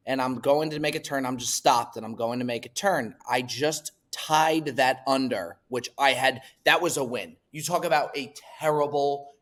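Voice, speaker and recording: Animated young man telling a story. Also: mid-range voice. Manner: animated, swears, lots of restarts. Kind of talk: casual chat, storytelling.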